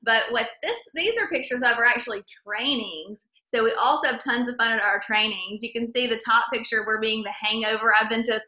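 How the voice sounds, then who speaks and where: Woman, bright voice, a bit high, echoey room. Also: brisk, few pauses. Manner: chatty, enthusiastic, laughs often. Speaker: co-host of an online sales party. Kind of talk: casual sales pitch.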